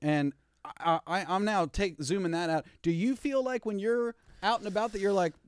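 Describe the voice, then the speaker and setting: Rambling, animated man telling a crude story. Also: high-pitched, normal speed, slight background noise. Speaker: podcast co-host. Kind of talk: crude comedic banter.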